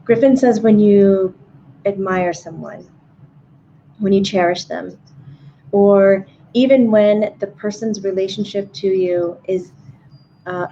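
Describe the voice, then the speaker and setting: A woman calmly explaining answers she relays on a casual live stream. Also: mid-range voice. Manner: calm, explanatory, laughs easily. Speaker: medium relaying a spirit's answers. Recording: dull lo-fi audio with faint hum.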